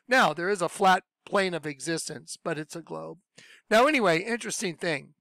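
A middle-aged male preacher with a high, smooth voice talks earnestly, moving from urgent exhortation to soft, confiding storytelling. The sound is close and dry, with no room around it. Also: no room sound. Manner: earnest, conversational, drops to soft low voice when recalling. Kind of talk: personal testimony sermon.

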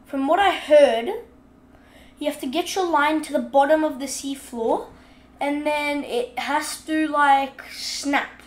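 A woman giving casual gameplay commentary, chatting along and scolding the fish in the game out loud while she has the hiccups. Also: sits high, echoey room. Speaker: gaming video host.

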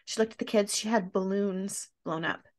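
A woman who hosts a podcast, speaking in a tender, reflective way and going soft as she holds back tears. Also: mid-range voice, normal speed. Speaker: podcast host and author. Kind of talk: heartfelt interview conversation.

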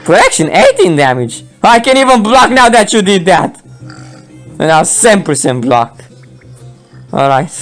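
A man with a high, lively voice commentates a card game in a playful, excitable way, laughing often and letting out mock roars. He talks slowly and lingers on words, with faint music under him. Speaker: gameplay commentator. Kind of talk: playful game commentary voicing both sides.

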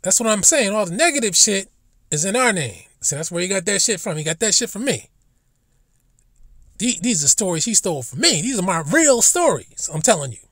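A man's voice: high-pitched, very animated, brisk, fairly bright tone, no room sound, studio quality. A man ranting bluntly and profanely in a casual vlog monologue, recorded in a car. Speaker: vlogger.

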